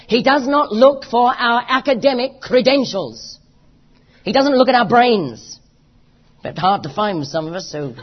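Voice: mid-range voice, breathy edge. A preacher with a British accent delivering an impassioned, emphatic sermon full of repeated phrases. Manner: impassioned, emphatic, repetitive rhetoric. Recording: dull lo-fi recording.

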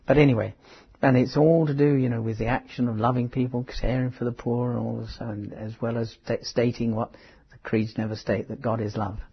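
Very husky male preacher. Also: medium pitch, flat delivery. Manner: halting, with restarts and asides. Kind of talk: conversational Bible teaching. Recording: dull lo-fi sermon recording.

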